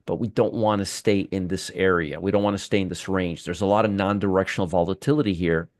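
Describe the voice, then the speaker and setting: A man's voice: deep voice, fairly even intonation, fast talker, a little mellow, no room sound, clean studio sound. A man hosting a live trading room, commenting on the market with heavy sarcasm, restarting and trailing off as he works his screens. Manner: sarcastic, talks to viewers and chat.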